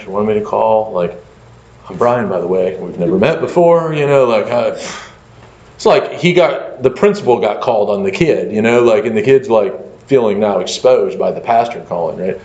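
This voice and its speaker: A man, a pastor, telling a story in a conversational lecture, animated and full of fillers like "like" and "you know". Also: lowish voice, moderate pace. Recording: echoey room, dull lo-fi sound.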